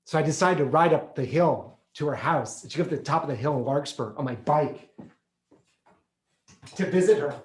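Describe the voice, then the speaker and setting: Man, solo stage storyteller, playful, animated, roomy theater sound. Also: a little high, moderate pace. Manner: animated, playful, acts out the people he describes.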